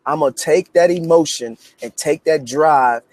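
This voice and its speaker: Guest author, thirties man from Memphis, amped-up storyteller, slightly high voice. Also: normal speed. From Memphis, United States. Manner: energetic, repetitive restarts, emphatic. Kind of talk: animated storytelling interview.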